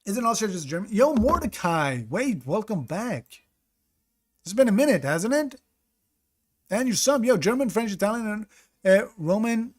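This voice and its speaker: A man's voice: high-pitched, very animated, moderate pace. Chatty young-sounding streamer man. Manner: thinks aloud, greets chat mid-sentence. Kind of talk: casual live-stream commentary.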